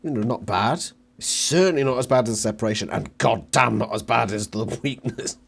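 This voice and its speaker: A man hosting a reaction video, giving casual, frank commentary with halting restarts. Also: medium pitch, creaky, a little hiss or hum.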